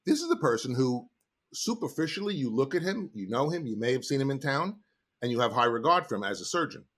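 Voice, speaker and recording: A middle-aged man, a sales trainer, telling stories in an animated, emphatic way as a podcast guest. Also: mid-range voice, a little fast. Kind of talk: casual interview talk.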